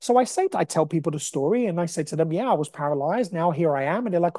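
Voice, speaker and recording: Man, podcast host, energetic motivational monologue, mellow voice, dry close sound. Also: on the high side, fast talker, hardly any pauses, dry recording.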